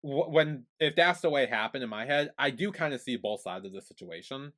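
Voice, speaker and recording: A young man co-hosting a podcast in casual chat, retelling plot and quoting the characters in a low, soft voice. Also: brisk. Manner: relaxed storyteller, quotes the characters in a low soft voice. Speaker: podcast co-host.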